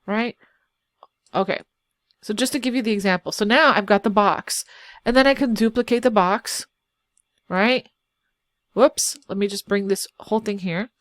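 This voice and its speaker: A woman's voice: on the high side, dry recording, clean studio sound. A woman web designer hosting a casual screen-share walkthrough of website builders. She talks in a chatty, self-deprecating way and thinks aloud as she clicks around. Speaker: web designer and channel host.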